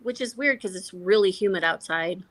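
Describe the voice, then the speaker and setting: A woman co-hosts a casual livestream, adding short, playful remarks. Her voice is mid-pitched and easygoing. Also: dry recording. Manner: playful, quick quips. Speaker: co-host.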